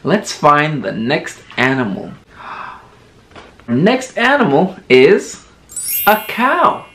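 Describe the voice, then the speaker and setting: A young man speaks to toddlers in a slow, patient voice, stretching every word out. His pitch leaps up and down as he models each new word. He sounds like a friendly early-learning teacher. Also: huge pitch swings, pushed and bright, a little hiss or hum. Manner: slow, exaggerated, sing-song word modelling. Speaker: children's teacher.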